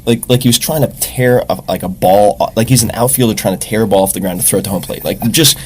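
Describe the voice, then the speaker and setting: A man talking as a guest on a podcast in a relaxed, measured way, often filling with "like". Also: on the low side, a little hiss or hum. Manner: relaxed, measured, uses "like" as filler. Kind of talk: casual conversation.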